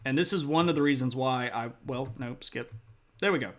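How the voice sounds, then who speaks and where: A man's voice: medium pitch, a little fast, fairly bright tone. A man streaming live, chatting casually with viewers in a playful, self-mocking way. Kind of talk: casual chat reading viewer comments.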